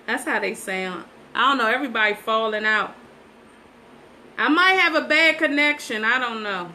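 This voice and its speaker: Woman host, slightly high voice, chatty livestream from a phone, loops back over her words. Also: measured pace, sharp tone, slight background noise, rough recording. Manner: chatty, repeats herself, talks straight to viewers. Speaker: livestream host painting sunflowers. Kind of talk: casual live-stream chat while painting.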